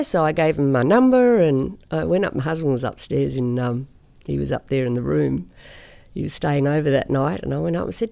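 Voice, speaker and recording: A woman from Australia, a singer, telling stories in a relaxed interview chat. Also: sits low, normal speed, gravelly. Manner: chatty anecdotal storyteller, laughs often. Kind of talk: conversational interview storytelling.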